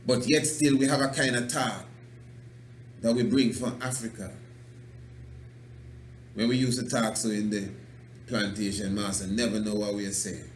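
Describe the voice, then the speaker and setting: An Antiguan man with a matching accent hosts a radio talk show, delivering an emphatic, preachy monologue in a loose style, repeating and restarting words and breaking into chuckles. His voice is lowish, with roomy echo and faint background noise.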